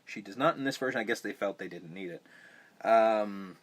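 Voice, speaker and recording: A man hosting a podcast, chatting casually about a film in a rambling, profane way that gets animated when he mocks scenes. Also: lowish voice, normal speed. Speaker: podcast host. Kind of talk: casual movie review chat.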